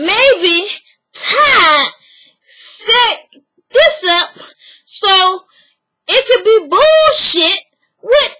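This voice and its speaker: Woman putting on a shrill indignant older mother. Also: sing-song, drawn-out words, pauses often, pushed and bright, heavily acted, low-quality recording. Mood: defensive. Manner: high, squealing outbursts.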